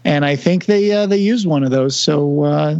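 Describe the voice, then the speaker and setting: A talkative man co-hosting a podcast, chatting casually with plenty of fillers. His voice sits on the higher side. The audio is dull and lo-fi. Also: normal speed, gravelly, a little mellow. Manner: chatty, self-deprecating, many fillers. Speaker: podcast co-host. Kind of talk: casual chat.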